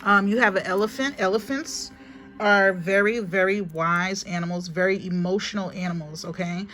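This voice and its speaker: A woman's voice: medium pitch, fairly even intonation, normal speed, fairly bright tone, faint music behind. Chatty woman giving a spiritual reading. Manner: chatty, repetitive, emphatic, often addresses viewers as honey. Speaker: spiritual reader. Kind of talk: casual spiritual reading to camera. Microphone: phone.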